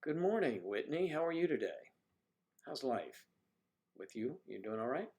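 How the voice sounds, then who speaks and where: An older man hosting a casual livestream, chatting with viewers in a teasing way and dropping into soft asides. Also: mid-range voice, very animated, moderate pace. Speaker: livestream host. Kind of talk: casual chat reading viewer comments. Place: home livestream.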